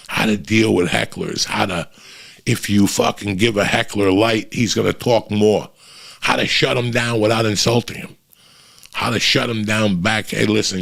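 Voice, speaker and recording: A middle-aged comedian tells his stories in a profane, animated rush. His voice sits low and carries a rough, gravelly grain. It sounds like a relaxed, casual conversation. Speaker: comedian guest. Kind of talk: storytelling chat.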